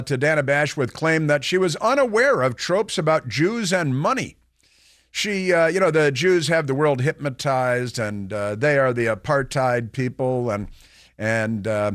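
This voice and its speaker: A man's voice: medium pitch, fairly bright tone, no echo. Talk radio host, male, sarcastic and mocking, rambling delivery, dry close sound. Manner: sarcastic, mocking, puts on voices to ridicule; rambling with many fillers and restarts. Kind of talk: political talk radio monologue.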